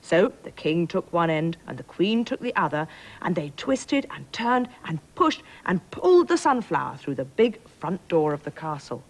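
A woman presenter narrating a children's storybook in an expressive, storytelling manner. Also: fairly low pitch, moderate pace.

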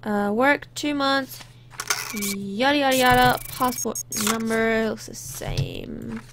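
High-pitched woman, self-mocking gamer. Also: very animated, slow pace, noisy background. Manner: chatty, self-mocking, scattered. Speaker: gaming channel host. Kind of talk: let's play commentary.

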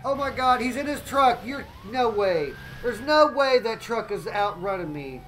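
A man giving excitable live gameplay commentary as a streamer, often exclaiming and greeting his chat. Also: very high-pitched, a little slow, a little hiss or hum, poor audio.

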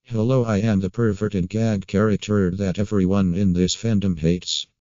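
A man's voice: on the low side, steady tone, normal speed, dark tone, dry recording, muffled recording, natural voice. A man doing a sleazy little pervert boy. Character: sleazy short pervert schoolboy. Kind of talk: parody sketch voicing.

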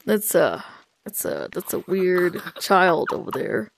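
A woman giving let's play commentary, talking back to a game character with loud exclamations, scolding, frequent laughter and swearing. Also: fairly low pitch, big pitch swings, slow pace, gravelly, a little hiss or hum. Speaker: gaming video creator.

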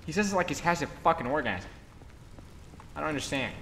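A young man giving casual, rambling gameplay commentary, cursing often and breaking into loud outbursts. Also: on the high side, expressive, a little fast, pauses often, heavy background noise. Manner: rambling, swears a lot, bursts into loud outbursts. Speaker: gaming video host.

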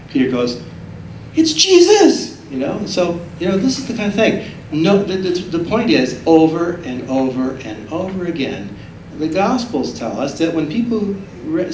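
A man's voice: a little high, a little hiss or hum. Man lecturing animatedly in an echoey hall. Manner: animated storytelling, acts out voices in his retellings. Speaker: author giving a talk. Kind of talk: public lecture. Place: public library talk room. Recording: roomy library hall from a distance.

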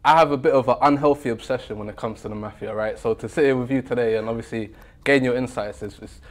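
A man's voice: mid-range voice, steady tone, fast talker. A young man hosting a podcast, interviewing his guest in an eager, deferential way and often hedging his questions. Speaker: podcast host.

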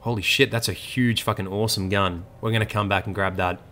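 A man's voice: fairly low pitch, brisk, a little hiss or hum. A young man giving casual, swearing let's-play commentary as a gaming YouTuber. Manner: swearing, excitable, chatty.

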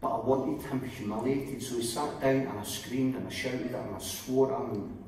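A middle-aged Scottish man preaches his personal testimony, acting out each person in the story and often sinking into a hushed, low voice. He is heard from well back in a church hall, with a long, ringing reverb trailing every phrase and a faint room hum underneath. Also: moderate pace. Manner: storytelling, acts out quoted dialogue, often drops to a quiet low voice. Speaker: guest preacher giving testimony. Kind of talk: testimony sermon. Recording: very echoey hall, voice heard from far off.

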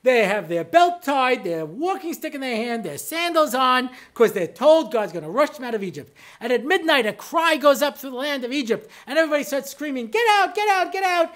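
A man's voice: very high-pitched, sing-song, fairly bright tone. A man, a rabbi, giving a humorous lecture, telling stories in a chatty way and checking whether his listeners follow him. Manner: joking storyteller who mimics people in quick exchanges; conversational, with frequent asides asking the listeners if they follow.

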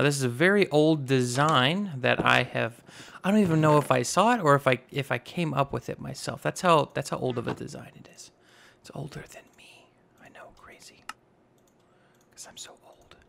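A man in his twenties with a slightly raspy voice, casually narrating a building game and rambling as he goes. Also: medium pitch, a bit bright. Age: 20s. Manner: rambling, self-teasing, narrates each step aloud. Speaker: gaming YouTuber. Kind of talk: casual Minecraft let's play commentary.

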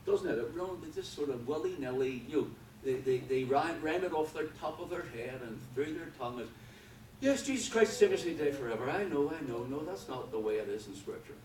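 A man preaching a sermon with fervor, swinging from quiet talk to loud passages. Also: medium pitch, fairly quick. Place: church hall. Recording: echoey hall from far off with background noise.

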